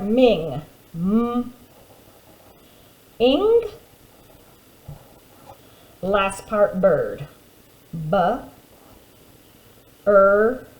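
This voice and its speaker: Woman teacher, phonics lesson for young kids, slow and deliberate, sounds out every syllable; roomy recording. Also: mid-range voice, mellow. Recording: echoey room with faint background hiss.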